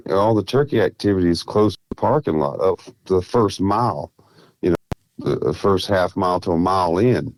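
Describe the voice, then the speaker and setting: Calling in remotely as a guest on a casual podcast, a weary turkey hunter with a mild South Carolina Southern accent talks loosely and laughs readily. He's from South Carolina, USA, and his voice is low and a little mellow, with no echo.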